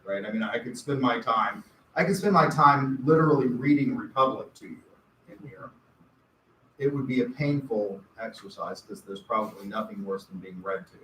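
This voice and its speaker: A man's voice: mid-range voice, a bit bright. A male college lecturer giving a conversational classroom lecture with wry, rambling asides. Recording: echoey classroom from far off, faint hiss.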